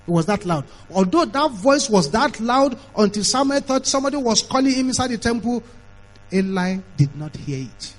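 A man's voice: very high-pitched, lively intonation, moderate pace, poor audio. A middle-aged man, preaching an emphatic sermon that is full of repetition and mimicked voices.

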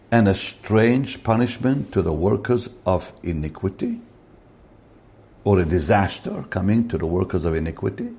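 A man preaching a sermon slowly and deliberately, rising in pitch to stress key words. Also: creaky, warm tone.

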